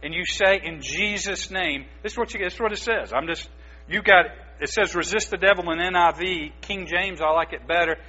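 Emphatic preaching man, bright and husky. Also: high-pitched, brisk. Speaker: pastor. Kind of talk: sermon. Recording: dull lo-fi recording with mains hum.

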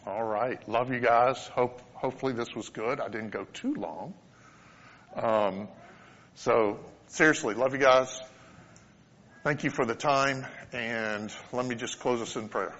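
A man's voice: medium pitch, measured pace, a bit bright. A man giving an informal, conversational sermon as a pastor, telling a personal story with earnest asides. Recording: dull lo-fi sound in a reverberant hall.

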